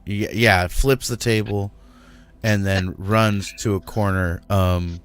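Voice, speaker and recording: Really low slow guy at a d&d table, lots of ums and pauses. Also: fairly even intonation. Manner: slow, hesitant, full of fillers. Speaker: player. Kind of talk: tabletop role-play chat.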